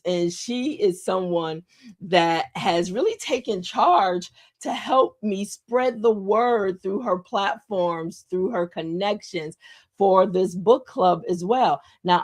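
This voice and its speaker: Middle-aged woman, host of a live stream; heartfelt and emotional, leans on repetition, mid-pitched voice. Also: darkish tone. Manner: emotional, heartfelt, repeats phrases for emphasis. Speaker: host of a live morning show. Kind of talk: live-stream talk to viewers.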